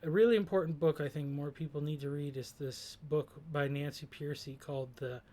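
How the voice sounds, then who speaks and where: A man's voice: a little high, fairly even intonation, brisk, mellow, a little hiss or hum. A man reflecting on a song's lyrics in a thoughtful, hesitant way, with many fillers and restarts. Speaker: host discussing song lyrics. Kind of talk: reflective commentary.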